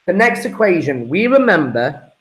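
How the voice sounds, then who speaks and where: A man's voice: high voice, very animated, normal speed, poor audio. A man talking through a chemistry exam paper as a teacher, chatty and calling his students guys and folks.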